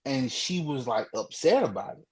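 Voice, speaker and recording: A man co-hosting a podcast, telling a dating story in relaxed, rambling casual chat. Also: medium pitch, moderate pace, rough recording. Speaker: podcast co-host.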